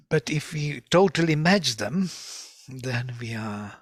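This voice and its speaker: A man teaching a lecture on ancient scripture, speaking deliberately and chanting verses in a measured rhythm. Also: mid-range voice, animated, no room sound, clean studio sound.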